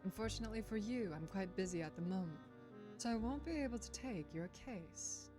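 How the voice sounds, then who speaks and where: A guarded vampire detective, read by a woman playing a game answers in a dry, blunt way. Her mid-range voice stays wary and sardonic. Game music plays clearly under her. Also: medium pitch, lively intonation, fairly quick, natural voice.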